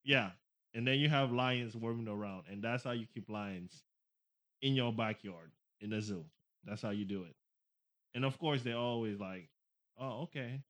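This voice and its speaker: A man's voice: lowish voice, moderate pace, a bit bright. A man from Africa whose first language is French, co-hosting a casual chat and telling anecdotes by acting out other people's questions. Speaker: podcast co-host.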